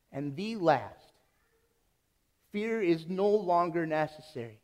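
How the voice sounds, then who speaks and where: A pastor delivers a sermon in an unusually high voice for a man. He speaks slowly and deliberately. He leans on emphasis and repeated phrases.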